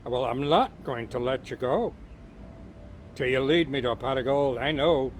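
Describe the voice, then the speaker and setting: A man's voice: medium pitch, normal speed, a little hiss or hum, lightly acted. A man voicing a young lad who is stubborn and greedy for gold, spoken firmly and plainly. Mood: insistent.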